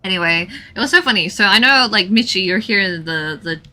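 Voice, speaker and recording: A woman's voice: mid-range voice, brisk, faint music behind. A young woman chatting casually on a drawing livestream, telling stories with lots of giggles. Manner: giggly, animated storytelling with frequent laughs. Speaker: artist streaming a live drawing session.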